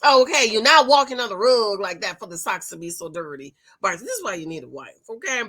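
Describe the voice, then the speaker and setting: A middle-aged woman chatting casually to her viewers while recapping a TV show, animated and laughing often. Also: mid-range voice, fairly quick. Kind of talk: casual reaction commentary.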